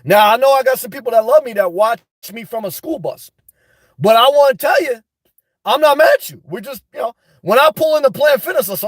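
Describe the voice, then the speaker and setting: Man, high voice, dry close sound, livestream chat reading, blunt, animated rants, in his car. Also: a little fast, no echo. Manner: blunt, animated, swings into loud laughing rants. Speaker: livestream host. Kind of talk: live-stream chat reading.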